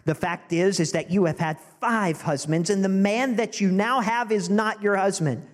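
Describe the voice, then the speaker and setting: A male preacher voicing a calm, authoritative teacher, dropping to a slow, low, solemn tone. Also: close to an everyday voice. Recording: long church-hall reverb.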